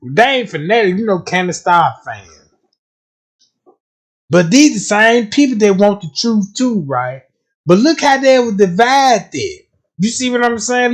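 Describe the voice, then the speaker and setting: A livestream host with a country Southern US accent and a very high voice talks casually, swearing a lot. He often repeats words as he stumbles and keeps asking whether his listeners follow him.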